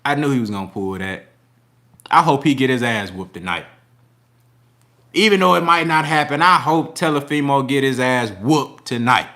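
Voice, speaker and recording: A man's voice: medium pitch, a bit bright. A man hosting a casual boxing livestream, reading super chats with slangy, laughing banter.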